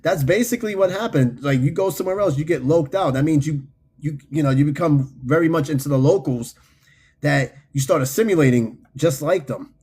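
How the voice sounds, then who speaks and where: A man with a New York City accent hosts a casual livestream, reading viewer comments aloud in an animated, profane way and laughing often. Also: fairly high pitch, fairly quick, breathy edge. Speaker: host.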